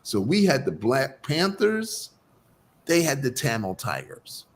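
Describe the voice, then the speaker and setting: Male guest practitioner recounting his past, lively, unhurried, acts out quotes. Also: medium pitch. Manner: animated, acts out quoted dialogue. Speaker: guest doctor of Chinese medicine. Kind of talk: storytelling in an interview.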